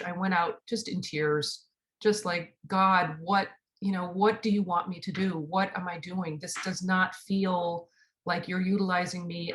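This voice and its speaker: A woman's voice: fairly low pitch, fairly bright tone. Earnest woman telling a spiritual story. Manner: earnest storytelling with acted-out dialogue. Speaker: spiritual teacher and host. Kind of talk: personal story in a spiritual talk.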